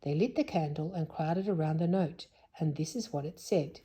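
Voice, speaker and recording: Husky woman reading a storybook aloud. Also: sits low, moderate pace, few pauses, warm tone. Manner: adds whispered asides to a child listener. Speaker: storybook reader. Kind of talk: reading a children's book aloud.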